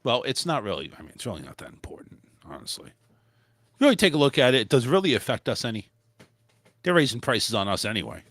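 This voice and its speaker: Male host, lively rambling chat, dry close sound. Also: mid-range voice, quick pace, dry recording. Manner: loose, rambling delivery with frequent restarts and mild swearing. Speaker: podcast host. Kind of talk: casual chat.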